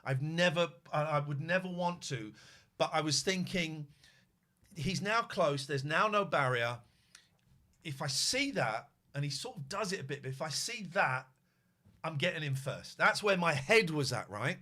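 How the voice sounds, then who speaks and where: Animated, sweary man telling a story. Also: a little high, measured pace. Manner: sweary, re-enacts shouted quotes. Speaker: podcast host.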